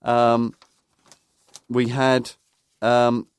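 A man's voice: mid-range voice, monotone, very slow, clear, resonant tone, no echo. A middle-aged man, a podcast co-host, telling rambling football anecdotes in casual chat, full of fillers and restarts.

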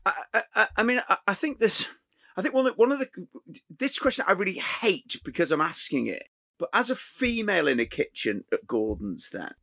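A middle-aged man interviews a guest, stumbling and repeating words as he works out his questions. His voice sits a little high and swings up and down freely. The sound is dry and close. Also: big pitch swings, gravelly, bright, forceful tone, dry recording. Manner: halting, repeats words while forming questions. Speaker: host chef interviewer. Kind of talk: casual interview chat.

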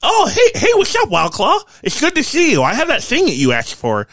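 A man lends his voice to a jittery young blacksmith, pitched high and squeaky. The voice bounces with breathless eagerness and lively swings in tone. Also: a little fast, no echo, exaggerated voice. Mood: eager.

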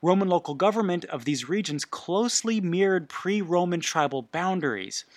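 A man's voice: on the high side, no room sound. A man hosting a history podcast, reading notes in an informal way with asides and self-corrections. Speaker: podcast host.

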